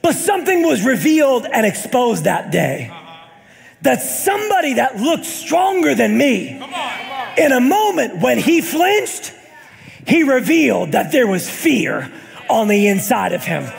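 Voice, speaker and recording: A young adult male pastor preaching a sermon to his congregation, telling stories, calling out to the crowd and building to shouted, sing-song peaks. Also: extremely high pitch, sing-song, unhurried, creaky. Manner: storytelling with call-outs to the congregation. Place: church hall with congregation. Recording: live church hall reverb.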